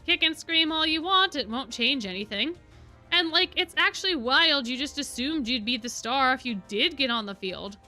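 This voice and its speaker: A woman's voice: high voice, lively intonation, normal speed, sharp tone, soft background music, exaggerated voice. Woman reading as a snarky teen schoolboy. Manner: offhand, teasing. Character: casual teen boy student, snarky.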